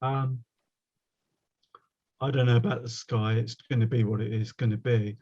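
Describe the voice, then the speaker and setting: Rambling West Country painting teacher. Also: male voice, mid-range voice, fairly even intonation, moderate pace, dark tone, dull audio. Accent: West Country English. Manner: rambling, chatty, self-mocking. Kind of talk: casual online workshop teaching.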